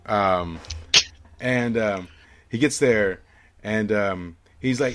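A man's voice: lowish voice, very slow, pauses often, over music. A man narrating a tabletop game as game master, rambling with many fillers.

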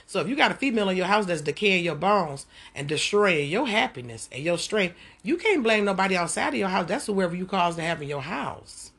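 A woman teaching a Bible passage at home in an animated, conversational way, talking straight to her listeners. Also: mid-range voice, slightly rough. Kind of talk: casual devotional teaching.

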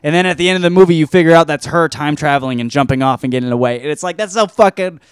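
A man's voice: fairly high pitch, rapid-fire, smooth, no echo, studio quality. A man hosting a podcast, reviewing a film in a loose, rambling monologue full of swearing and restarts. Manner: loose, profane, animated, trails off often.

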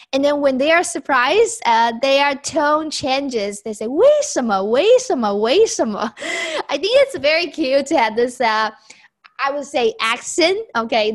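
A woman teaching a lesson in a patient, chatty way, repeating each phrase and explaining it slowly. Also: on the high side. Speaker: language teacher.

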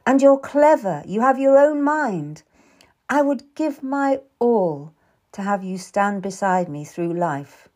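A woman reading the lines of a calm, tender young Tudor man who is courting, in an audiobook. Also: mid-range voice, takes it slowly. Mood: earnest. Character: young Tudor man, earnest gentle suitor.

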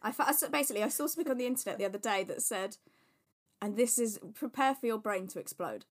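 A woman's voice: a little high, lively intonation, fast talker. A woman co-hosting a podcast in casual chat, talking in a chatty way with lots of fillers and blunt opinions. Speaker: podcast co-host.

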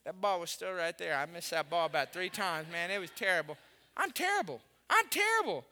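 A male pastor delivers a sermon with a high, piercingly bright voice. He tells stories animatedly, rising to loud bursts and dropping to quiet, earnest passages. The sound carries a long hall reverb. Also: brisk, creaky. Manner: animated storytelling, swings from loud to hushed.

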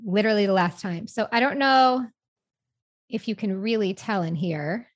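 A woman's voice: medium pitch, moderate pace, no room sound. Young adult woman, podcast co-host, casual chat, candid and rambling, dry close sound.

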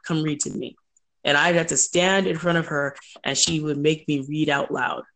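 A middle-aged woman recounts her life as a guest in an interview, her voice carrying a gravelly rasp. She tells her stories with animation, laughs often and slips into the voices of the people she quotes. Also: sits low, steady tone, normal speed, a bit bright. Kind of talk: conversational interview storytelling.

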